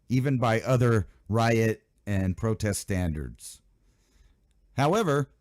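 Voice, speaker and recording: A man's voice: fairly low pitch, mellow, dry recording, studio quality. A male radio host giving a rambling, sarcastic talk radio monologue.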